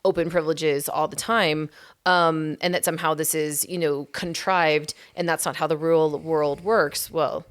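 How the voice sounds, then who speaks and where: A woman co-hosting a casual discussion podcast, talking fast and animatedly with frequent restarts. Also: low-pitched, fairly even intonation. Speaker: podcast co-host.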